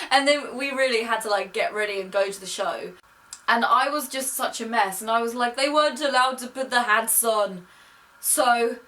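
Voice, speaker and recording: A woman's voice: fairly high pitch, normal speed, bright, forceful tone. A young woman telling a story in a chatty, gushing way, recorded as a casual vlog. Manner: chatty, gushing, quotes people in her own voice. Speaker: vlogger. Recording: distant mic with faint noise.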